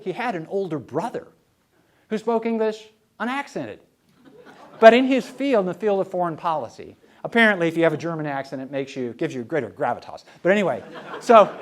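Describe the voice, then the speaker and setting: A man with a notably high voice lectures on history to a live audience. He talks conversationally and wryly, weaving anecdotes into his talk. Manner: wry, conversational, storytelling.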